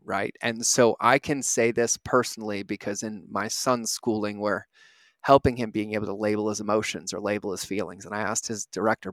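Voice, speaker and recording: A man's voice: on the low side, steady tone, fairly quick, a bit bright, dry recording. A man in his thirties, a podcast host, giving an earnest, reflective motivational talk and often asking "right?".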